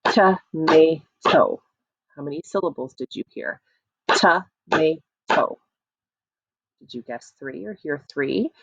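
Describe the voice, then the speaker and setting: Teaching phonics online to little kids, this young woman keeps things slow and sing-song, full of encouragement. She's a kindergarten teacher with a low, faintly gravelly voice, captured dry and a bit dull, like through a simple computer microphone.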